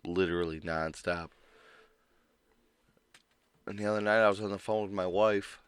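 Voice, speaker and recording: A man's voice: sits low, fairly even intonation, normal speed, clear, resonant tone, dry recording. A young man co-hosting a casual podcast, telling a work story full of swearing and acted-out quotes. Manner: profane, storytelling, mimics others. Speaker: podcast co-host.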